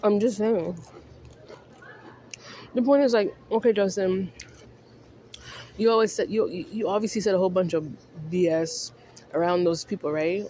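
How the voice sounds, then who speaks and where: A woman's voice: medium pitch, normal speed, dark tone, a little hiss or hum. A woman from Canada with a Canadian accent with Jamaican undertones, ranting casually to camera in a rambling way while snacking on chips. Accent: Canadian English with Jamaican undertones. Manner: rambling, repeats "I'm just saying", many fillers.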